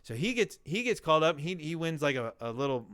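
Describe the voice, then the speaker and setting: A man telling his own story in a casual interview, animated and acting out the voices of people he quotes. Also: on the high side, quick pace. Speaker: guest telling his weight-loss story.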